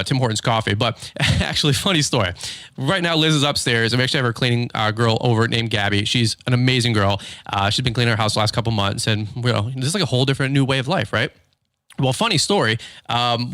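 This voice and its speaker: A man hosting a business podcast in a chatty, energetic way, telling stories from his garage studio. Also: medium pitch, dry recording. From Michigan. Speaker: podcast host, lawn business owner. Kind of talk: casual podcast talk.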